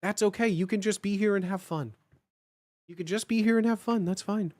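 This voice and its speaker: A livestreamer in casual chat, reassuring and blunt, who keeps repeating a point to settle viewers. The voice sits at a middling pitch. It sounds dry and close to the mic. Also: a little fast, a little mellow, dry recording.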